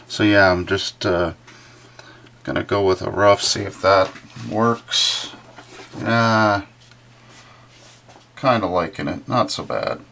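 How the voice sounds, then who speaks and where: A very low, gravelly male voice that talks along as he draws. He rambles and thinks out loud, full of uhs and half-finished thoughts, like an artist chatting with viewers during a live stream. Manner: rambling, thinks aloud with many fillers. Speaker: artist livestreaming a drawing session. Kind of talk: casual running commentary while drawing.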